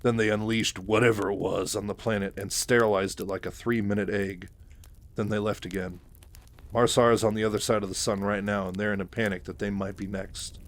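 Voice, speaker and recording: A man's voice: on the low side, flat delivery, a little fast, lightly acted. A man voicing a stern starship colonel. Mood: grim. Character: stern male military colonel commanding a starship.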